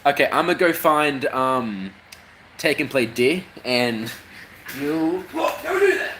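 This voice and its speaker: A man's voice: on the high side, big pitch swings, takes it slowly, background noise. A man chatting casually while he works on a model, rambling and swearing as he jokes along. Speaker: model railway streamer.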